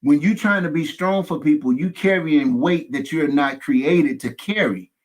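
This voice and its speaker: A pastor speaking candidly as a guest, emphatic, with folksy humorous asides and runs of repeated phrases. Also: male voice, fairly high pitch, measured pace. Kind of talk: candid conversational testimony.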